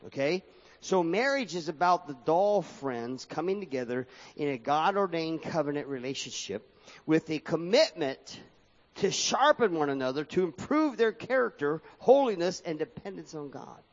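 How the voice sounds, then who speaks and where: This man's voice sits on the high side and is expressive, moving at a normal pace as he preaches in a church hall. His sermon has a sing-song rhythm that climbs and dips while he reads scripture aloud. Long hall reverb hangs over the dull, lo-fi audio.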